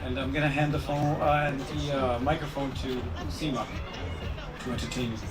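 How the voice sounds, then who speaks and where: A man's voice: mid-range voice, little pitch movement, moderate pace. A man acting as emcee at a birthday party, introducing speakers with upbeat energy. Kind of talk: announcing at a party. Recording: echoey hall, distant mic, music and crowd.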